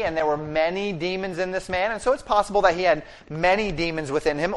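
Man, slightly high voice, pastor, sermon, verse-by-verse explanation, restarts and fillers. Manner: expository preaching with fillers and restarts, acting out quoted speech.

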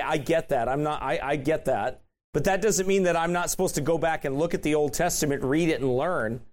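High-voiced man preaching a sermon. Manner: conversational preaching with rhetorical questions.

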